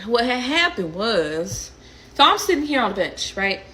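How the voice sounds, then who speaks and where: A young woman, telling a story in a casual, animated, slangy way. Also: fairly high pitch, normal speed, low-quality recording.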